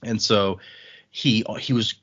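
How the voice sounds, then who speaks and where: A man's voice: on the low side, steady tone, slow, fairly bright tone. A man hosting a podcast, chatting casually as he retells book scenes with frequent restarts. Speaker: podcast host. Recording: dull lo-fi audio.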